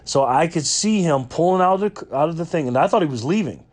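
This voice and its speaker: A man's voice: on the high side, expressive, quick pace, darkish tone. A man from New York, vlogging as he tells a chatty story with lots of fillers and restarts. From Rochester, New York. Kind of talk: casual storytelling.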